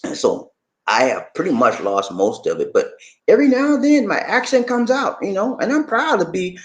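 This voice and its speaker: A man from Charleston, South Carolina, hosting his channel and talking casually to viewers. He is animated and repetitive, and often checks in with his listeners. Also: high-pitched, moderate pace. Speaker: channel host. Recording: roomy echo.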